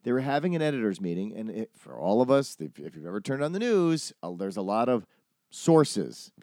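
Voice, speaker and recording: A man's voice: on the low side, fairly quick, no echo. Profane storytelling man, dry close sound. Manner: animated, profane, acts out quoted people. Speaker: podcast host telling a story. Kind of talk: casual storytelling chat.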